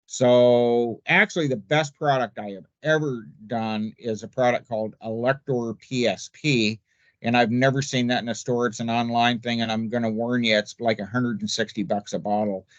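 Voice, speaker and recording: A man's voice: medium pitch, fairly even intonation, moderate pace, no echo, lo-fi sound. An older man, a poultry expert, talking casually and folksily in a seminar, with an easygoing, jokey manner. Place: remote virtual seminar.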